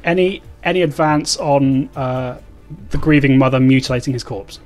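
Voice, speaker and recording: A man's voice: mid-range voice, darkish tone, faint music behind. A man narrating a tabletop role-playing game as game master, stopping and restarting often. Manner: halting narration with many fillers and restarts.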